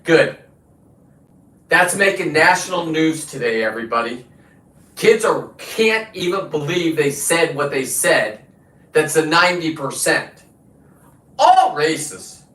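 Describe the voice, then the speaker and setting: A man's voice: a little high, big pitch swings, slow pace, long pauses, fairly bright tone. Profane combative man in a roomy space. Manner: combative, boastful, swearing. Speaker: show host. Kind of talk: profane ranting monologue. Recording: roomy, distant from the mic.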